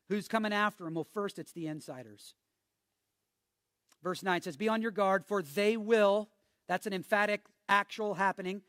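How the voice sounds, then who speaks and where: A man's voice: high voice, a bit bright, dry recording, clean studio sound. A man preaching a sermon as pastor, joking with the congregation and building to emphatic, repeated warnings. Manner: jokey, emphatic preaching with call-and-response.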